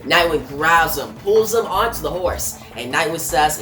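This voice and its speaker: A woman recapping a comic's plot in a casual, plain retelling, pausing with fillers. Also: low-pitched, expressive, a bit bright. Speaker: comic reviewer. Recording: roomy with faint music.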